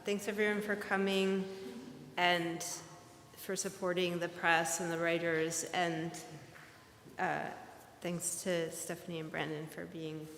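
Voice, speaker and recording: A woman's voice: on the low side, little pitch movement, fairly bright tone, a little hiss or hum. Emotional woman editor, echoey hall. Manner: emotional, halting, many fillers. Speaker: editor introducing a reader. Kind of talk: event introduction. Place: event venue with an audience. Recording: echoey hall with faint ambience.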